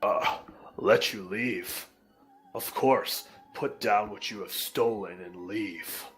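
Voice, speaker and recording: A booming menacing voice from the tomb, as a man puts it on. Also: fairly bright tone, faint music behind. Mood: scornful. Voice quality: deep, slow and booming.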